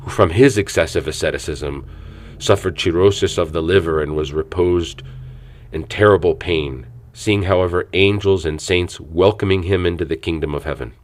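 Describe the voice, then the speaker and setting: A man narrates an audiobook in a measured, reverent reading. His voice sits very low and deep, and he keeps a steady, unhurried delivery throughout.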